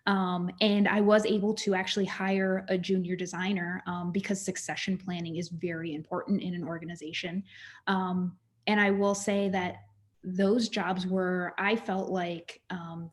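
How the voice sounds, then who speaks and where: A woman speaking as a panelist on a video call, answering in a measured way with many "um" fillers. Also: fairly low pitch. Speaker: panelist, former design director.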